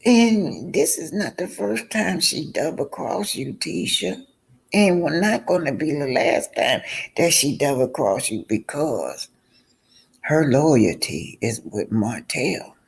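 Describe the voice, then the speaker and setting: A man's voice: fairly high pitch, big pitch swings, takes it slowly, gravelly, breathy edge. A man giving casual vlog commentary on a reality show, talking straight to his viewers and repeating points for emphasis.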